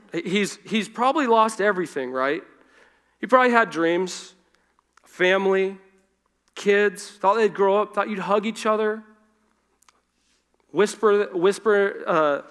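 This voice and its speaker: High-voiced man preaching casually. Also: unhurried, smooth. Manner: informal, self-correcting, shifts between loud emphasis and hushed asides. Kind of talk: conversational sermon. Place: church.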